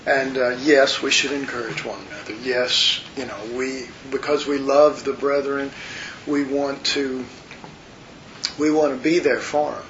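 A man's voice: medium pitch, fairly even intonation, measured pace, a bit bright. A man teaching a Bible study in an earnest, rambling, conversational way, talking to his listeners as folks. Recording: muffled lo-fi recording with faint hiss.

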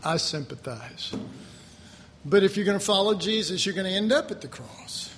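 A high-pitched man preaching to a congregation. He talks in an animated way, jumps into exaggerated quoted voices, and chuckles often between lines. A faint room hum sits behind him. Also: normal speed. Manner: chuckles often while talking. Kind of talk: sermon.

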